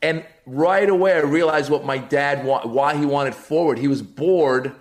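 A man's voice: on the high side, normal speed. A middle-aged man, a comedian guest, telling comic stories on a podcast and acting out the voices of the people in them. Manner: animated, acts out voices, rising excitement.

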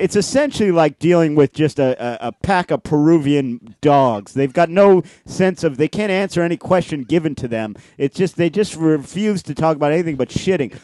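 A male podcast host with a high, very animated voice questions his guests with incredulous sarcasm. The sound is dry and close, and his pitch swings widely. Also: a little fast, hardly any pauses, dry recording. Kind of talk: comedic interview.

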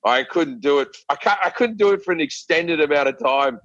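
A man's voice: on the high side, lively intonation, a little fast, fairly bright tone, no room sound, lo-fi sound. A middle-aged Australian man on a podcast, ranting and swearing with lots of stammered restarts. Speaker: guest comedian. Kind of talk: casual podcast chat.

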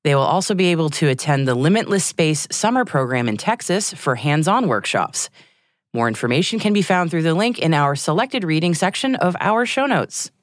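A woman hosts a news show and reads out the headlines, her pitch rising and falling a lot as she goes. Her delivery is clear and articulate. The sound is close and dry. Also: moderate pace, dry recording. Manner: lively, articulate newsreader delivery. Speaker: news podcast host. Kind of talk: scripted news reading with banter.

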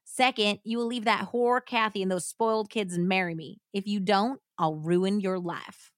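Woman putting on a spiteful nasty woman, loud and taunting, storytime reading. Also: medium pitch, fairly even intonation, normal speed, no room sound, clean studio sound, natural voice. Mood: cold demands. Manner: taunting, raises voice. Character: spiteful vengeful woman, shrill and threatening.

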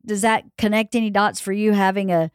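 A middle-aged woman from the Deep South, hosting a casual interview and reacting candidly, with casual swearing. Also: fairly even intonation, brisk, smooth, no room sound, studio quality. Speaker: podcast host.

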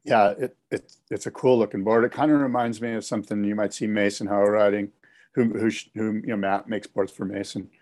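A man co-hosting a casual chat, talking in a relaxed, rambling way with plenty of fillers. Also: lowish voice, a little fast.

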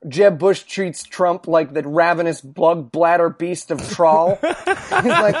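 Male podcast host, high tenor, riffing comic chatter. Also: lively intonation, takes it slowly. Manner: riffing, slips into silly voices. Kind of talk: casual comedic chat.

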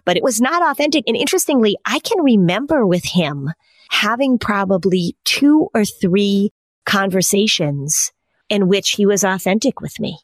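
A woman's voice: medium pitch, dry recording. A woman in her fifties co-hosting a podcast, who talks thoughtfully and keeps asking her guest questions. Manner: inquisitive, thoughtful, asks follow-up questions. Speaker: podcast co-host. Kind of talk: casual conversation.

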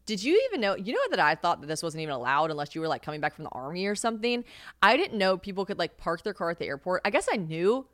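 A woman's voice: lowish voice, animated, fast talker, a bit bright, no echo, clean studio sound. A young woman hosting a podcast, telling stories in casual solo chat, self-mocking and swearing freely with lots of "like". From United States. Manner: chatty and self-mocking, heavy use of "like", swears freely, laughs often. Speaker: podcast host.

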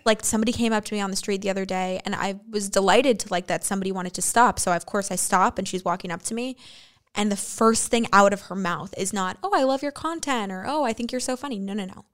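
A woman's voice: mid-range voice, fairly even intonation, fast talker. A woman co-hosting a podcast, talking candidly and emotionally in casual chat, swearing freely. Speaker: podcast co-host.

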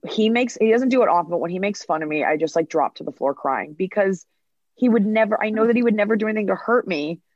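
A woman comedian talks as a podcast guest, telling animated stories and slipping into bits of acted-out dialogue. Her voice sounds dry and close. The recording is slightly dull and lo-fi. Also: medium pitch, quick pace, no echo. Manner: animated storytelling, acts out dialogue. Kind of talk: podcast interview.

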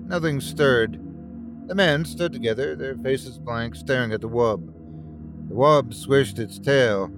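A man narrating a scripted story in an expressive, dramatic way. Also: medium pitch, a little slow, music in the background. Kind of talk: scripted horror story reading.

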